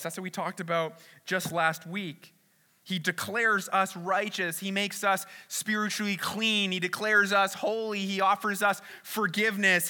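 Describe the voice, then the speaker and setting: Male pastor, high voice, very bright tone; casual, conversational sermon delivery with frequent restarts.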